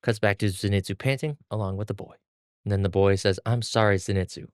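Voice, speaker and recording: A male podcast host with a lowish voice, recapping a comic chapter in a chatty, giggly manner that stumbles over restarts. He speaks close into a stand mic, with a dry, dead sound. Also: quick pace, clear, resonant tone, no room sound. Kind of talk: casual recap of a manga chapter.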